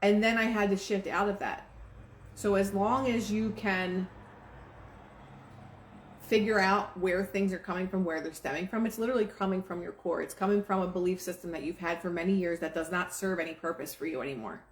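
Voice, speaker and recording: A woman hosting a live stream, chatting casually and teaching about manifesting, with a relaxed manner full of fillers. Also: lowish voice, brisk, a little hiss or hum. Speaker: host of a manifesting livestream. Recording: roomy echo.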